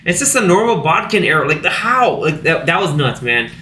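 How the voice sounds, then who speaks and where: A young man chatting about a film on a podcast, lively and full of fillers, often jumping into squeaky impressions of the characters. His voice is bright and forward, and the room around him rings with echo and a faint hiss. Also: brisk. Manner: animated, acts out characters in high put-on voices, many fillers. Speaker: podcast co-host. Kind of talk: casual movie discussion. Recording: echoey room with faint background noise.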